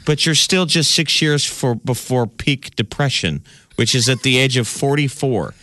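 A man with a Southern drawl hosts a relaxed conversation, rattling off survey numbers with chatty asides. His voice sits at a middling pitch. The sound is close and dry, with no room around it. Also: moderate pace, no echo. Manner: chatty, reads out study figures with asides. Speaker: podcast host. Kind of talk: casual chat.

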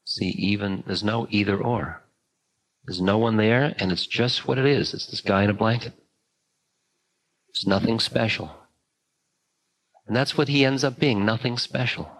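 An older man giving a spiritual talk, musing slowly with long pauses. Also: lowish voice, fairly bright tone, low-quality recording. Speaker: spiritual teacher. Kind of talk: dharma talk.

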